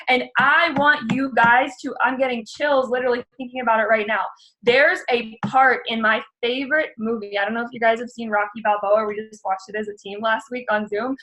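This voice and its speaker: A woman's voice: fairly high pitch, a bit bright, poor audio. A young woman giving an earnest motivational pep talk to her sales team, repeating her key lines for emphasis.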